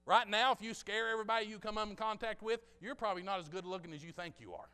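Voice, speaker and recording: This male preacher keeps things conversational and jokey, addressing the congregation directly with asides from a church sanctuary. He talks fast in a high, steady voice that comes across bright, forceful, clear and resonant, and the hall adds a long reverb.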